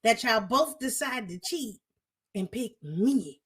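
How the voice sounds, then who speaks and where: A woman's voice: fairly high pitch, expressive, slow pace, a bit bright, slightly rough. Blunt, laughing woman hosting a podcast. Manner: blunt, profane, laughs often. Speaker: podcast host. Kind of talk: casual chat.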